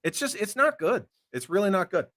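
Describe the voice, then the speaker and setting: A man's voice: sits high, brisk. A man hosting a casual chat, reading viewer comments and ranting with lots of swearing. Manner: profane, animated ranting. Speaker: host.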